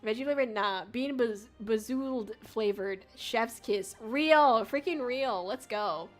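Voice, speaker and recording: A woman's voice: fairly high pitch, slow pace, soft background music. A young woman streamer chatting casually with viewers, rambling with lots of fillers and swearing. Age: young adult. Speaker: VTuber streamer. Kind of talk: casual livestream chat with viewers.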